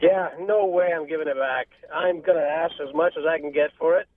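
A man's voice: fairly high pitch, fairly quick, crowd noise. A man calling in to a radio show, speaking bluntly and laughing. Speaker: caller. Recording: tinny phone line.

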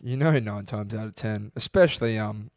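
Young Australian bloke telling a story. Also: male voice, on the low side, moderate pace, no echo, studio quality. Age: young adult. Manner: animated storyteller acting out quotes. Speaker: podcast co-host. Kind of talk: casual podcast chat.

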